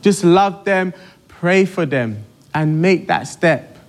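Slow high-voiced preacher. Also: male voice, animated. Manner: emphatic, repetitive exhortation. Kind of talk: sermon.

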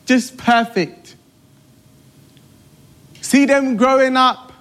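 A man's voice: extremely high pitch, steady tone, unhurried, long pauses, fairly bright tone. A middle-aged man preaching a sermon with emphatic, repetitive exhortation.

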